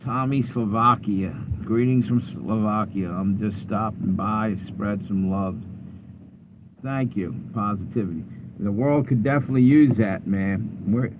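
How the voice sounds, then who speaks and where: Stream host, male, from Delaware, lowish voice, laid-back chat from a car, phone-quality audio with steady road noise. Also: unhurried. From Delaware, USA. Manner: laid-back, chatty, low-key and tired. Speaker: livestream host. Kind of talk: casual live stream chat with viewers. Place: parked car.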